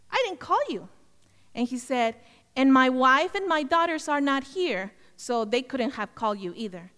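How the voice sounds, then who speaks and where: A woman with a high voice tells a personal testimony from the pulpit. She plays out both sides of a conversation with feeling. A long hall reverb trails her words. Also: a bit bright. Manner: heartfelt storytelling, acts out both sides of the conversation. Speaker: speaker giving a testimony.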